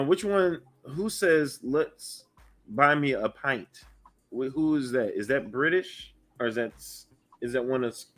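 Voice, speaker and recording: A man's voice: mid-range voice, a bit bright. A man hosting a casual livestream interview, upbeat and reading out viewer messages and donations. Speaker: livestream host.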